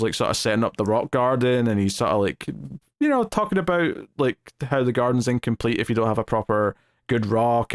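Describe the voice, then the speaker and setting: A man's voice: medium pitch, no room sound, studio quality. A man giving a casual spoken review of a TV episode, retelling scenes with acted-out quotes and lots of fillers.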